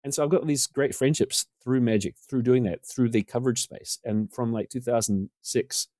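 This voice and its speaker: A man's voice: medium pitch, fairly even intonation, moderate pace, darkish tone, dry recording. A man, a podcast guest telling rambling, self-deprecating stories and acting out what people said. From New Zealand. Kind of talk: casual storytelling.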